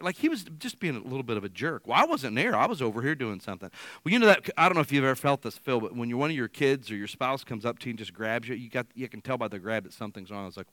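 A male pastor preaching in a church, his bright voice leaping up and down in pitch as he acts out the people in his story. The sound is close and dry. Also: fast talker, dry recording. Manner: animated storyteller acting out quoted dialogue. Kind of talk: sermon with storytelling.

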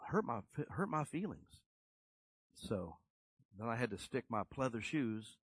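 A man's voice: mid-range voice, very animated, a little slow, slightly rough, dry recording, rough recording. A middle-aged man preaching a sermon in a conversational, emphatic storytelling way.

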